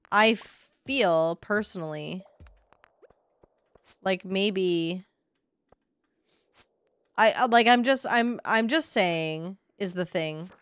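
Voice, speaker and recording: Mid-range, fairly bright, and clean with no echo, this young adult woman's voice carries casual let's-play commentary as she streams a farming game. Chatty and sarcastic with her chat, she swears now and then and yelps in moments of panic.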